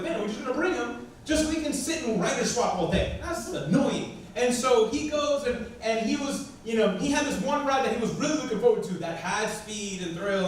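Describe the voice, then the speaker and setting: A pastor telling a story in a sermon, in a lively, chatty way that often breaks into laughter. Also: male voice, high voice, slight background noise. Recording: very echoey church hall from far off.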